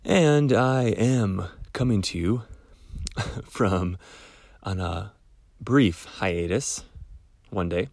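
A young man with a cold, hosting a casual solo podcast in a rambling, relaxed way with small laughs. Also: fairly low pitch, very slow, vocal fry, long pauses, no echo, clean studio sound. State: stuffed-up cold voice. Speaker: podcast host.

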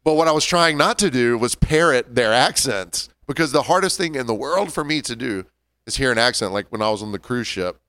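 Halting man telling stories. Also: medium pitch, lively intonation, a bit bright, dry recording. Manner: rambling, halting anecdotes. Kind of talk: casual chat. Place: podcast studio.

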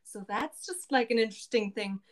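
A woman's voice: a little high, brisk. A woman casually recapping a tabletop game session, chatty and full of asides.

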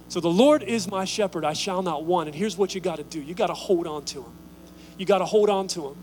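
A man preaching a sermon as pastor, telling a story and urging the congregation, moving from loud calls to hushed, near-whispered lines. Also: a little high, animated, fairly quick, music in the background, rough recording.

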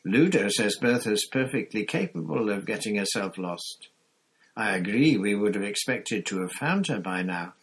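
A man's voice: lowish voice, animated, normal speed, husky, rough recording. A man voicing a fussy, defensive middle-aged male minister in an audiobook reading. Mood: blustering. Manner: insistent, defensive, impatient.

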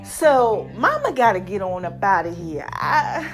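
A woman giving an animated faith-based pep talk to her viewers, preachy and chatty, calling them y'all. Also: medium pitch, measured pace, faint music behind. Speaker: vlogger.

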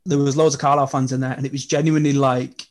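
A young man, chatting casually and telling animated football stories as a podcast guest. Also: medium pitch, fast. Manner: animated storytelling with laughs. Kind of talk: casual chat.

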